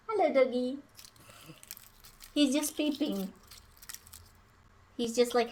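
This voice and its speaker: A woman's voice: high voice, slow, long pauses. A young woman, chatting playfully on a live cooking stream and breaking into silly sing-song noises. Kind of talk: casual live-stream chat while cooking.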